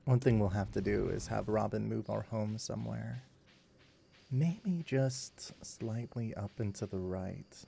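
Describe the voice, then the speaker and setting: A man giving slow, soft, musing commentary over a farming video game, meant to help listeners fall asleep. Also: fairly low pitch, gravelly, a little hiss or hum. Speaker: gameplay commentator. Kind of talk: relaxed sleep gameplay commentary.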